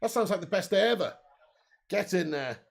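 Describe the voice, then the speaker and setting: Young man, watch-along host, fairly high gravelly voice, chatty, laughs easily. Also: animated, normal speed. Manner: chatty, laughs often, reads out chat comments. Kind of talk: live match watch-along commentary.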